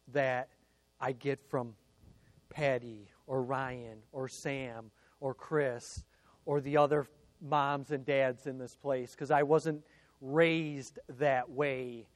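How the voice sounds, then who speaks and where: A man preaching a sermon, retelling a scripture story in an earnest way and moving between emphatic lines and hushed, personal ones. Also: mid-range voice, no room sound.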